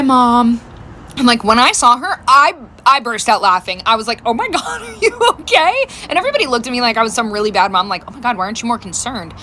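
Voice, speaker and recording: A mother telling a funny story about her daughter in a lively way. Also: a little high, slight background noise. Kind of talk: casual storytelling.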